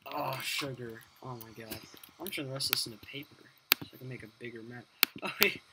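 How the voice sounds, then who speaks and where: A man's voice: medium pitch, steady tone, fast, creaky. A man giving casual, crude, profanity-laden commentary while playing a video game at his computer. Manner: crude, profane, rambling self-talk. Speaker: let's play host. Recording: loud background noise with keyboard clicks.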